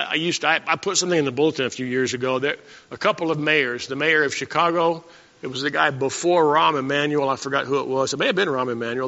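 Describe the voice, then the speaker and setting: Gravelly, lively preacher man in a hall. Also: on the high side. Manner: folksy, chuckling asides, many restarts. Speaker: pastor. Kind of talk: sermon. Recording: dull recording in a reverberant hall.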